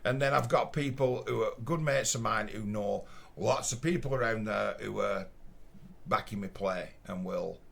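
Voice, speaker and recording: Lancashire bloke with a gravelly, husky voice, blunt and sweary, telling a story. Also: male voice, fairly low pitch, moderate pace, fairly bright tone. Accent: Northern English, Lancashire. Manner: blunt, swears often, acts out quoted voices. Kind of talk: casual storytelling.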